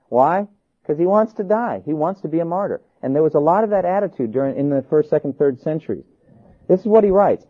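An animated male lecturer whose pitch swings widely as he reads old accounts and acts out bits of dialogue. The sound is thin and tinny, like a phone line. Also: brisk, breathy edge. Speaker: teacher of church history. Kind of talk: classroom lecture.

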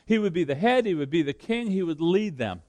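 A man preaching a sermon to a congregation, swinging between loud emphatic peaks and hushed low asides. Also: animated, brisk. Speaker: pastor.

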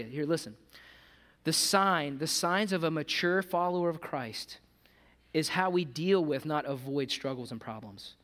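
A male pastor with a high, light voice preaching in a big hall, and the sound rings with a long reverb. He talks casually, calling the crowd "gang", then drops to a near-hush before rising loud again. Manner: swings between hushed earnest lows and loud animated highs; conversational, calls the audience "gang". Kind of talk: sermon.

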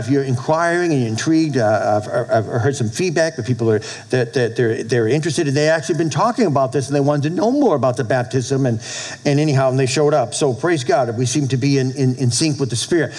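A male pastor preaching a sermon to his congregation, animated, with call-and-response asides. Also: fairly high pitch, rough recording. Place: church with a congregation.

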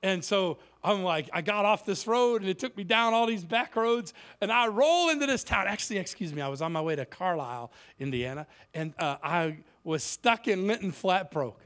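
A man's voice: high-pitched, animated, normal speed, hardly any pauses, fairly bright tone, smooth. A man preaching as a guest speaker in a church, telling a story in a joking, self-mocking way. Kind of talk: humorous sermon storytelling.

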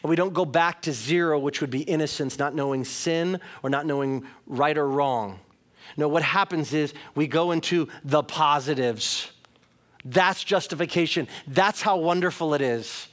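With a fairly high, slightly bright voice at a moderate pace, this middle-aged pastor delivers his sermon. Earnest and addressing the congregation head-on, he now and then grows emphatic.

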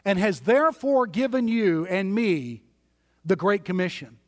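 A man with a high voice preaches a sermon in an emphatic, list-driven way. His words ring out with a long reverb from the church sanctuary around him. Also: sing-song, a little slow. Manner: emphatic preaching with repeated lists. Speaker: pastor.

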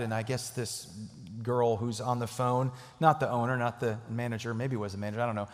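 A man's voice: medium pitch, steady tone, a little fast, hardly any pauses. Male pastor preaching, earnest, repeats his points, big echoey church sound. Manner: earnest, emphatic repetition, chuckles while telling stories. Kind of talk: sermon with storytelling and closing prayer. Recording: echoey hall reverb.

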